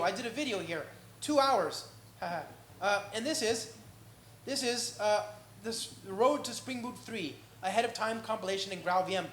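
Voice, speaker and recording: American guy giving a tech talk, kinda high voice, jokey and fast-moving, echoey room w faint hum. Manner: energetic, joking, keeps checking in with the audience. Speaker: conference speaker. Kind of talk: live tech conference talk. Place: indoor meetup venue.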